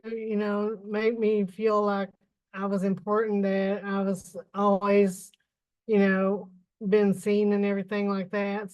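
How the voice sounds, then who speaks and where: A woman's voice: medium pitch, a little mellow, poor audio. A woman giving a folksy, emotional personal testimony on a video call. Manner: folksy, emotional, plain-spoken. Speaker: caller.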